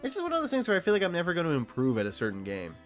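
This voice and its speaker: A man's voice: on the high side, huge pitch swings, rapid-fire, soft background music. A man from Texas giving casual, rambling gameplay commentary as a streamer, swearing freely and laughing often.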